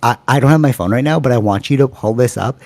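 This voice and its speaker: A man co-hosting a podcast in casual chat, talking quickly and animatedly, rambling from thought to thought over a video call. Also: medium pitch, a little mellow, no echo. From Canada. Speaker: podcast co-host.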